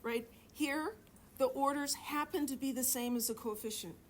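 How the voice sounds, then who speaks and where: A woman's voice: high-pitched, normal speed, slight background noise. A middle-aged woman teaching a chemistry class, chatty and joking, asking students questions in a classroom. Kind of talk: classroom lecture.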